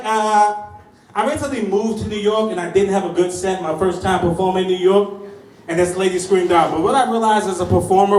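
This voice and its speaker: A man's voice: high-pitched, darkish tone, a little hiss or hum. A man doing a stand-up comedy set in a club, telling profane stories and acting out other people's lines. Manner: profane, storytelling, acts out voices. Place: comedy club stage before a crowd. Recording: roomy club sound, mic at a distance, crowd laughter.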